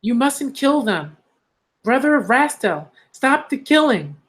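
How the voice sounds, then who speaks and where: A man reading aloud, voicing a gentle young princess who pleads with her attackers. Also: very high voice, big pitch swings, measured pace, voice pushed up, full character voice. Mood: pleading.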